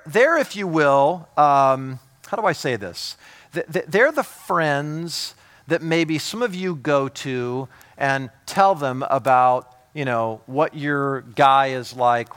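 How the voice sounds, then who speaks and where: A man preaching a sermon as a pastor. He talks with emphatic urgency that drops to hushed intimacy, repeating words when fired up. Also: mid-range voice.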